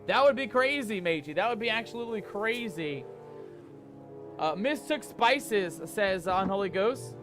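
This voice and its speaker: A man's voice: high voice, lively intonation, normal speed. A man streaming a pirate game who reads the chat aloud and talks in playful pirate slang. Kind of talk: live gameplay commentary. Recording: music playing under voice.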